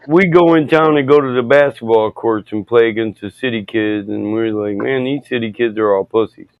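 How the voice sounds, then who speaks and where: A man chatting casually on a podcast, telling rowdy stories, swearing often and acting out quoted people loudly. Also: medium pitch, normal speed, smooth, no room sound, highs cut off. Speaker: podcast host. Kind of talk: casual chat, storytelling.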